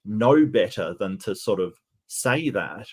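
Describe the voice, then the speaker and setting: A man hosting a casual interview, speaking haltingly as he searches for his words. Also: fairly low pitch, animated, darkish tone, slightly rough. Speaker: host.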